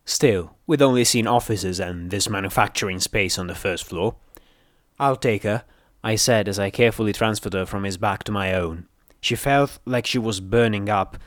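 A man reading a first-person adventure story aloud, brisk and earnest, close to the mic. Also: on the low side, a bit bright, no room sound. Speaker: narrator.

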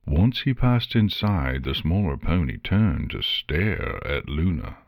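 A man reading a story aloud in a measured, expressive way. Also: low-pitched, dry recording, clean studio sound. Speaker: narrator. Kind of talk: storybook narration.

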